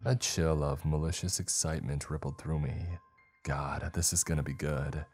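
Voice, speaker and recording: A man narrating a first-person horror story in a measured, atmospheric way. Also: rumbling low, steady tone, a little mellow, husky. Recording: faint music underneath.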